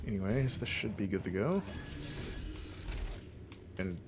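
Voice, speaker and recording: A man from Florida with a non-regional American accent, chatting casually while streaming gameplay and reacting out loud to what happens. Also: on the low side, animated, a little slow, a little hiss or hum. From Florida, USA. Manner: chatty, rambling, reacts aloud to the game.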